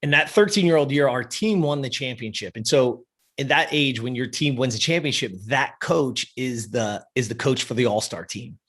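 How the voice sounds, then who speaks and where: A man in his fifties telling a personal story in an interview, animated and profane, often checking in with "you know" and "right". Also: mid-range voice, moderate pace. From US West Coast. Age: 50s. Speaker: interview guest.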